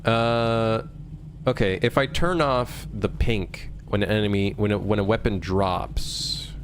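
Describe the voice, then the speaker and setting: A young man, a game developer on a livestream, talking loosely and haltingly with many fillers while reading viewer chat aloud. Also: on the low side, slight background noise.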